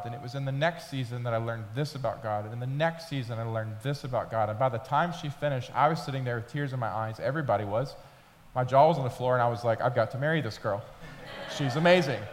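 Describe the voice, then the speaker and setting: Pastor, male, 30s; conversational storyteller who builds to urgency; church hall reverb. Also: medium pitch. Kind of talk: sermon. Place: church sanctuary.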